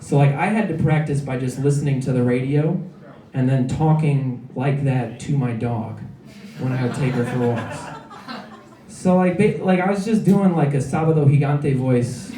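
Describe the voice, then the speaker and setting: A man's voice: mid-range voice, normal speed, warm tone, echoey room. A man in his thirties from Illinois doing a rambling, self-deprecating stand-up set full of filler words, recorded from far off in a comedy club. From Illinois, USA. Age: 30s.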